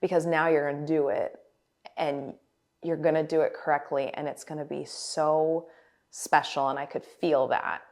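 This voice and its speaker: This woman's low, darkish voice has a flat delivery at normal speed. In her forties and a guest performer, she tells stories in a lively, casual interview, with many fillers and restarts.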